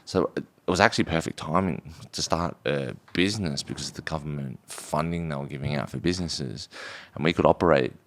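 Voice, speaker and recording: A man's voice: rumbling low, a little fast, few pauses, a bit bright, slight background noise. A man from Australia telling his business story in a casual podcast chat, rambling, with slang and swearing. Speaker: guest, drinks brand founder.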